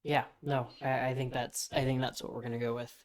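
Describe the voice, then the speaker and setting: A man's voice: medium pitch, flat delivery, a little fast. Casual male co-host with brief, agreeing replies and some hesitant restarts. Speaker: podcast co-host. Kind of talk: casual pitch-meeting chat.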